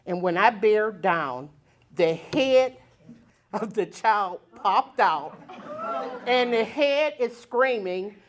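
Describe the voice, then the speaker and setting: An older woman spins a personal story for a live audience. Her telling is plain-spoken and lively, with a chuckle running under it. Her voice sits in an ordinary middle range. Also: medium pitch, takes it slowly. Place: community center stage.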